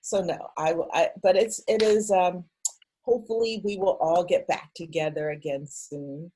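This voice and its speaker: A woman's voice: on the low side, moderate pace, mellow, a little hiss or hum. A woman speaking as a guest in a video call, rambling and hesitant with many fillers. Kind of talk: casual video-call chat.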